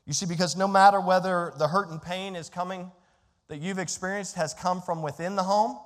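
An older man preaching a sermon as pastor, emphatic and conversational, swinging from hushed to loud with asides to the congregation. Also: high voice, steady tone, brisk. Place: church sanctuary. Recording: echoey hall with faint music.

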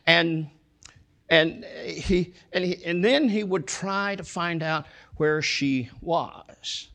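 A male preacher delivering a sermon at a slow, deliberate pace. His voice sits a little high for a man, and he leans on repetition and storytelling to drive each point home. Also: a bit bright. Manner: slow, emphatic preaching with repeated phrases and storytelling.

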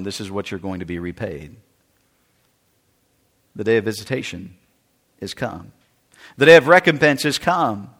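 A man preaching a sermon, emphatic, with sudden drops to quiet and rises to loud. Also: medium pitch. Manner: emphatic preaching with wide swings in loudness. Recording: long reverb of a large hall.

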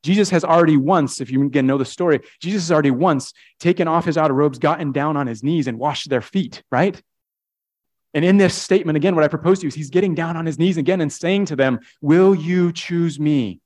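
A man's voice: a little high, quick pace, a little mellow. A male pastor preaching a heartfelt sermon, speaking directly to the congregation and often repeating and restarting his words.

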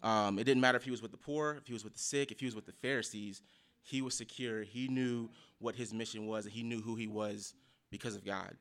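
Earnest man with a low, bright voice. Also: steady tone. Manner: earnest, halting, many fillers and restarts. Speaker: church member sharing a reflection. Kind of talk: casual testimony to a church group.

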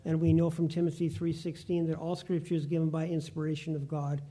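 A man preaching a Bible lesson, reading scripture aloud slowly and deliberately. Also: fairly high pitch, monotone, mellow. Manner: reads verses slowly and deliberately, with restarts.

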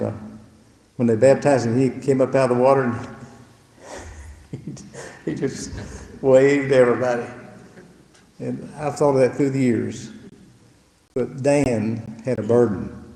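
An older man, a pastor telling a testimony story to his congregation in a folksy, unhurried way with chuckles. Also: medium pitch, gravelly, warm tone. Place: church hall. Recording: echoey hall with long reverb.

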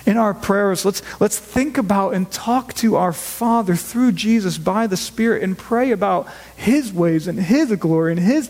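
An earnest pastor preaching to his congregation, his fairly high voice ringing through a church with a long reverb tail. He speaks emphatically and repeats key words for weight. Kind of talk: sermon.

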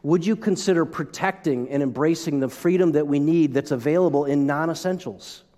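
A middle-aged man preaching a sermon as pastor, animated, with joking asides and frequent restarts. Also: on the high side, brisk. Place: church sanctuary. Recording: long hall reverb.

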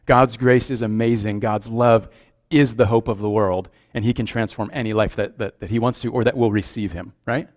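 A man's voice: fairly low pitch, steady tone, moderate pace, darkish tone. A man preaching a sermon as pastor, speaking in an earnest, conversational way and checking in with the congregation with questions.

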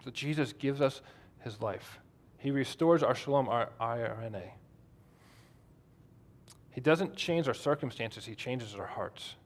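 A man's voice: medium pitch, takes it slowly. A man preaching a sermon in a conversational way, asking the congregation questions. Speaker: pastor.

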